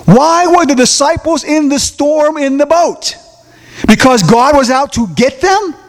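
A man preaching a sermon with call-and-response questions to the congregation, acting out the voices of the people in the story and rising to shouts. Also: very high voice, measured pace. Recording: long hall reverb.

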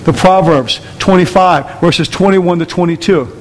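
A male pastor with a very high-pitched voice preaches with emphasis and throws questions at his congregation. His voice rings with the long reverb of a church hall. A faint hum of noise sits under the recording. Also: normal speed. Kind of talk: sermon.

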